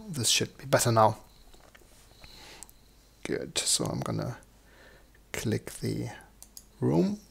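A man with a croaky, slightly hoarse voice, walking through a software demo live and thinking aloud with lots of fillers. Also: medium pitch. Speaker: software tutorial presenter. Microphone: desktop microphone.

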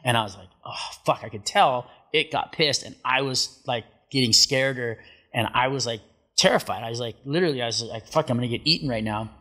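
A middle-aged man, a surfer guest on an interview show, telling a story in a casual, animated way, acting out what people said and saying "like" a lot. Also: medium pitch, fast. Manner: animated storyteller, acts out quotes, many filler likes.

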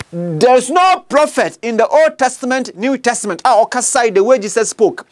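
A man with a Ghanaian accent gives a bilingual teaching sermon, slow and deliberate, stressing points with rhetorical questions. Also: very high-pitched, lively intonation. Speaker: preacher and apologist.

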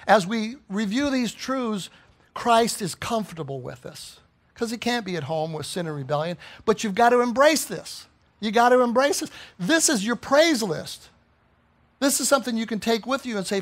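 A pastor preaching a sermon with fervent emphasis, firing off rhetorical questions and quoting scripture. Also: male voice, extremely high pitch, expressive, moderate pace. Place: church sanctuary.

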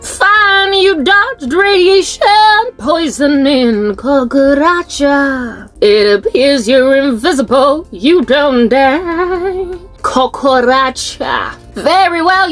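A woman from South Africa, a Christian online minister, joking and preaching in a theatrical, half-sung way. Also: high voice. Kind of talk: playful improvised singing and preaching.

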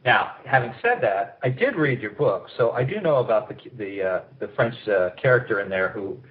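A man's voice: lowish voice, lively intonation, normal speed. Joking male host on an echoey phone line. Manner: joking, hesitant, many uh and um. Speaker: interview host. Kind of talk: casual interview questions. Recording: tinny phone line in an echoey room with faint noise.

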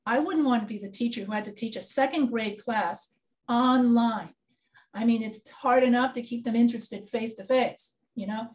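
A woman's voice: on the high side, normal speed. A woman teaching a grammar lesson in an online class, explaining rules step by step and checking in with her students. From Texas. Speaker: writing instructor.

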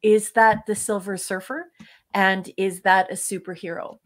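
A woman's voice: medium pitch, steady tone, measured pace. A woman co-hosting a casual podcast, speaking emphatically and affectionately. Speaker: podcast co-host. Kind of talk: casual chat.

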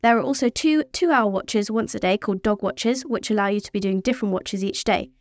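A woman's voice: mid-range voice, brisk. A teenage girl reading a scripted voice-over for her sailing vlog, in a plain, upbeat storytelling way. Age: teens. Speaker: vlogger.

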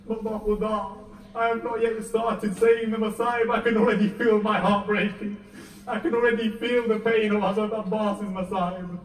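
A man giving a Muharram lecture, reciting a mournful story with deep emotion that swells to near-wailing. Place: mosque or community hall. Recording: echoey hall, mic heard from a distance.

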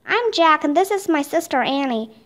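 A cautious young boy who worries about everything, voiced by a woman reading a storybook. His lines come anxious and hurried in a very high voice. Its pitch moves a lot. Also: animated. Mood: worried.

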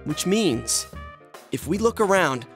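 A man's voice: high voice, sing-song, slow, faint music behind, full character voice. A man voicing an earnest, determined teenage schoolboy in a video game, talking urgently. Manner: urgent, earnest, talks things through. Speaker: voice actor.

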